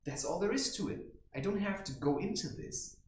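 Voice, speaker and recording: A man with a high-sitting, expressive, slightly mellow voice talks at a moderate pace as a swaggering, blunt macho barbarian in a meandering comic monologue, sprinkling in "right?" again and again. The room recording is indoors with noticeable echo.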